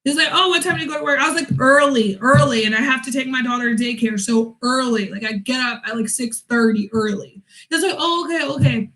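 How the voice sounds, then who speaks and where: A young woman vlogging casually from home, telling a story in a lively way and acting out both sides of conversations. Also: high-pitched, brisk, hardly any pauses, low-quality recording.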